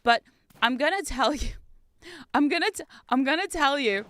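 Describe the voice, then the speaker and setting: A woman's voice: high voice, lively intonation, normal speed, sharp tone, dry recording. A woman streaming a game, telling stories in a chatty, self-mocking way with frequent laughs. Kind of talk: casual chat while gaming.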